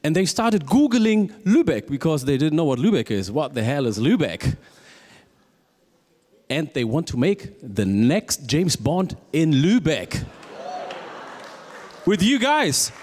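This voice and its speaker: A man's voice: a little high, very animated, slow pace, long pauses, darkish tone, in a large hall. A man with a German accent hosting an awards night on a theatre stage, playful and teasing, switching between English and German. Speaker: awards show host. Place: theatre stage before a live audience.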